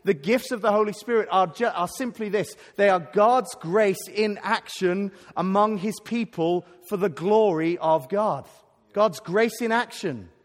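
A man's voice: high voice, measured pace. A man preaching a sermon at a conference, earnest and emphatic, often stumbling over and restarting his words. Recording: long hall reverb.

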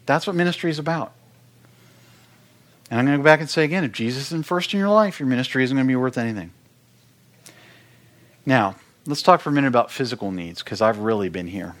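A man's voice: medium pitch, fairly bright tone. A middle-aged man giving an earnest, conversational sermon-style talk, often repeating words as he stresses a point. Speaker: worship ministry speaker.

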